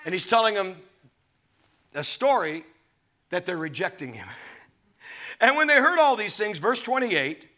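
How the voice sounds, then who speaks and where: High bright-voiced guy preaching, super animated, goes loud then soft, chuckles in between. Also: unhurried, pauses often. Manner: dramatic preaching, swings loud and soft, voices Jesus in quotes; laughs between points. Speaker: pastor. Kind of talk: sermon.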